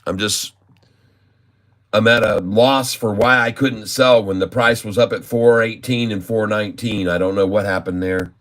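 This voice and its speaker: A man vlogging his day trading live, grumbling and cursing at his trading software. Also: fairly low pitch, fairly even intonation, moderate pace. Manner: grumbling, cursing, exasperated muttering. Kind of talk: casual live trading commentary.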